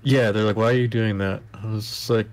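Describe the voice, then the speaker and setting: A man chatting casually on a stream, relaxed and laughing, his talk full of fillers. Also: lowish voice, a little fast. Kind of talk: casual chat.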